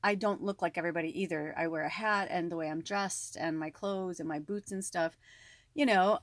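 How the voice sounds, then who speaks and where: A woman telling a personal story to her viewers in a casual, animated way, with lots of fillers and frequent swearing. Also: mid-range voice, no echo. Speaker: spiritual medium.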